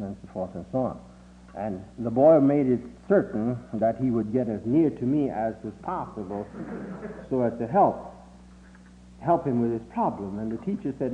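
An older man recalling childhood memories in a halting way, with many filler sounds, lifting his voice when he quotes people. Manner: halting, with frequent 'uh' fillers; acts out quoted voices with rising pitch. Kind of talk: oral history reminiscence. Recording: tinny lo-fi recording with faint hum.

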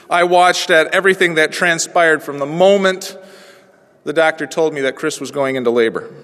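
A pastor in his forties preaching a sermon through a personal story, moving from hushed, quiet passages to ringing proclamation. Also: medium pitch. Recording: long reverb of a large hall.

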